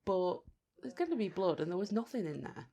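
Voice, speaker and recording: A woman's voice: medium pitch, big pitch swings, fairly quick, warm tone. A woman, chatting playfully and teasing during a film commentary. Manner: playful, teasing, self-deprecating. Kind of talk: casual chat.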